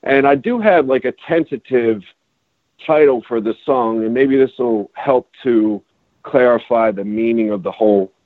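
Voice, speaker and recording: A man's voice: mid-range voice, unhurried, dry recording. Man talking over a tinny phone-like line. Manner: rambling, restarts often, explaining. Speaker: rapper and songwriter guest. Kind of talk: casual podcast conversation.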